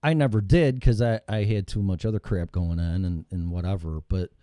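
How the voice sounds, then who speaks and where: Swearing talk-show host, deep dark voice. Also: male voice, normal speed, dry recording, studio quality. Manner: profane, rambling, animated storytelling. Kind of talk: casual talk show chat. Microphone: studio mic with headphones.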